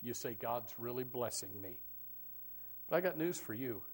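A middle-aged male pastor preaching a sermon, animated, swinging from loud bursts to hushed tones. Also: medium pitch, moderate pace. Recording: long hall reverb.

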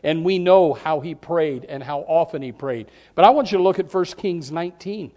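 A man preaching a sermon, swinging from hushed, almost whispered lines to shouted climaxes, repeating words in bursts. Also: a little high, moderate pace.

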